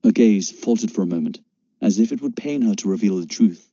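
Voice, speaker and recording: A male narrator reads a first-person story in steady storytelling. His voice is very dark and somewhat husky. The recording is dull, dry and lo-fi. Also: fairly low pitch, fairly quick, no echo. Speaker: audiobook narrator.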